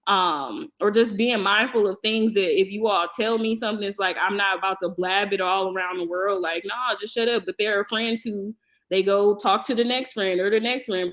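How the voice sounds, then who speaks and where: A woman's voice: mid-range voice, fairly bright tone. A woman co-hosting a podcast, talking candidly and emphatically in casual, colloquial chat. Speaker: podcast co-host.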